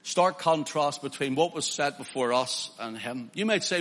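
Impassioned preacher in a reverberant hall. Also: male voice, medium pitch, expressive, normal speed, hardly any pauses, fairly bright tone. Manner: impassioned, rising to emphatic declarations. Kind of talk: sermon.

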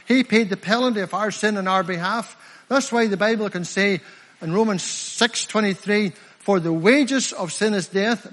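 A middle-aged man with a Northern Irish accent preaching an evangelistic sermon, fervent and emphatic, slowing down to stress key phrases. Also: high-pitched, a bit bright. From Northern Ireland. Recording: echoey hall, long reverb.

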